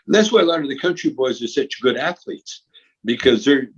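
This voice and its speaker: A man's voice: mid-range voice, lively intonation, a little fast, husky, dull audio. A man speaking as an interview guest, rambling and reflective, often repeating words as he gathers his thoughts. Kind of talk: casual conversation.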